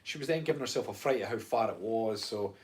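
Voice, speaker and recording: A man's voice: fairly low pitch, fast. A man co-hosting a casual chat, explaining things at length with playful asides and movie references. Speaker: co-host.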